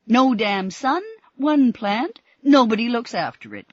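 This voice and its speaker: A woman's voice: mid-range voice, wildly swooping pitch, measured pace, husky, no room sound, muffled recording, voice pushed up, heavily acted. A woman voicing a querulous, bitter elderly woman patient who complains and accuses. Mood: angry. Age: older.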